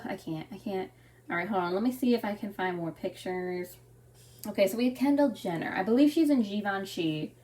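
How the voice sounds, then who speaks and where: A woman's voice: medium pitch, expressive, fairly quick, warm tone, far from the mic. A young woman ranting in a casual, opinionated way, full of fillers and restarts. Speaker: fashion commentary vlogger. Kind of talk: casual rant.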